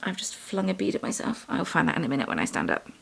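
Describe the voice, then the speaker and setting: A woman's voice: lowish voice, big pitch swings, fast, vocal fry, a bit bright, slightly rough, whispered. A young woman vlogger chatting casually while she does bead weaving, rambling and poking fun at herself. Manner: rambling, self-deprecating, chatty. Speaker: vlogger, yarn dyer and shop owner.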